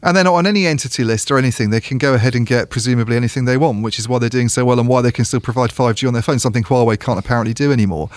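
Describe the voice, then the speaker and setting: Man, mid-pitched, casual podcast chat, halting restarts, dry close sound. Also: no echo. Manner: thinking aloud with frequent restarts and repeated words. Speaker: tech journalist co-host.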